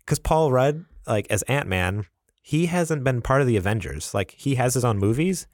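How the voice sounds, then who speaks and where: A man's voice: medium pitch, no echo, studio quality. A man co-hosting a podcast, chatting casually and acting out scenes as he recaps them. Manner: animated storyteller, acts out scenes with quick asides. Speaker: podcast co-host. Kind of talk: casual chat.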